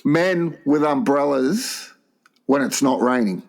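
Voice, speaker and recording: A man's voice: slow, gravelly. A man co-hosting a crude comedy podcast, throwing in dry teasing quips. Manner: dry teasing quips, lively swings in pitch. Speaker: podcast co-host.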